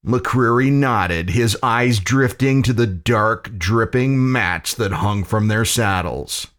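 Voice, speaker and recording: A man narrating a pulp audio story in a dramatic, deliberate reading. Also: lowish voice, fairly bright tone.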